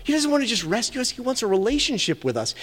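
A man's voice: very high-pitched, very animated, fast, fairly bright tone, in a large hall. A man preaching a sermon as pastor, earnest and conversational, asking his listeners questions. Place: church sanctuary.

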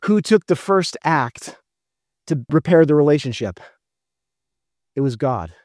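A man's voice: a little high, expressive, measured pace, darkish tone, no echo, studio quality. A man preaching a sermon as pastor, earnest and full of rhetorical questions.

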